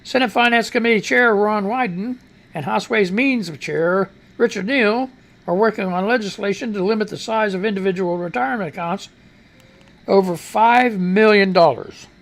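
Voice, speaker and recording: A man hosting a talk radio show, ranting about the news in a profane way, reading news items aloud with asides, his voice climbing high whenever he gets excited. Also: normal speed, gravelly.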